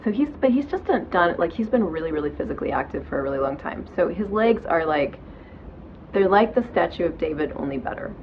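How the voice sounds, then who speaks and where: Chatty, frank woman with a low voice. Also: muffled recording, slight background noise. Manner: chatty, frank, swears casually, many fillers. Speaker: podcast host. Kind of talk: casual self-help talk. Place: at home in bed.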